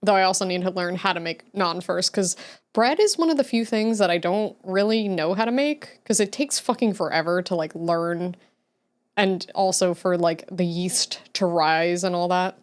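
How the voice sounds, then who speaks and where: Drawing during a laid-back livestream, this young host chats with her viewers, reading their comments aloud and laughing often. Her voice sits on the low side, and she speaks at a moderate pace.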